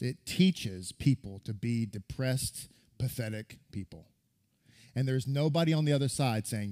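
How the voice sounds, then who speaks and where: A male rabbi giving a sermon, telling stories in a lively, conversational way with frequent restarts. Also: medium pitch, moderate pace. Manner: animated storytelling with restarts and acted quotes.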